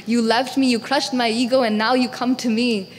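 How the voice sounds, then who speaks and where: A woman's voice: fairly high pitch, fairly even intonation, moderate pace, in a large hall, close to an everyday voice. A woman voicing a humble, devoted wandering ascetic man who begs earnestly. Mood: reverent.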